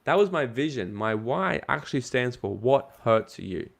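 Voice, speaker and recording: As a guest in an interview, a network marketing coach talks at normal speed in a gravelly mid-range voice, very animated. His advice is motivational, emphatic, casual, and sprinkled with the odd swear word.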